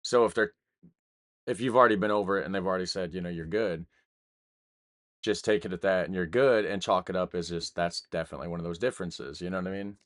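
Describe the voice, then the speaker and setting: Deep-voiced American man musing aloud. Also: steady tone, quick pace, fairly bright tone. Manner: musing, hesitant, trails off. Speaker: reaction video host. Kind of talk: casual commentary.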